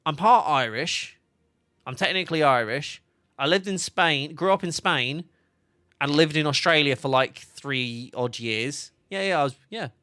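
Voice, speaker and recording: Chatty bright-voiced streamer man. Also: fairly high pitch, expressive, unhurried, no echo, clean studio sound. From England. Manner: chatty, laughs often, reads chat aloud. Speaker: game streamer. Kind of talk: casual livestream chat.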